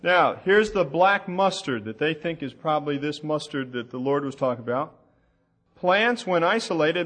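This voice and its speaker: A man teaching a sermon from the Bible, slow and deliberate, asking the audience questions as he reads out passages. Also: fairly high pitch, lively intonation, fairly bright tone. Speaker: preacher.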